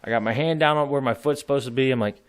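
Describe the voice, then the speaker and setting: A man's voice: medium pitch, very fast, no echo, clean studio sound. Rambling, cursing male veteran storyteller. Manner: rambling, laughs while telling stories, swears freely. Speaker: podcast guest, military veteran. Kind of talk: casual storytelling.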